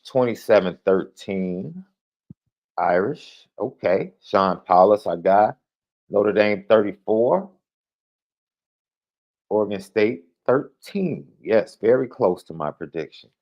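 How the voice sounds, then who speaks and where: A man hosting a live sports podcast, chatting casually and reading out viewer predictions with excited jumps in his voice. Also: dull audio. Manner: animated, excitable, jumps in pitch. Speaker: podcast host.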